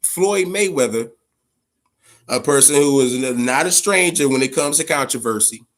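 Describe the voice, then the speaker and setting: A man's voice: medium pitch, lively intonation, normal speed, a bit bright. A man hosting a casual live-stream chat, swearing freely, repeating himself for emphasis and talking straight to his viewers. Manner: profane and rambling, addresses viewers directly.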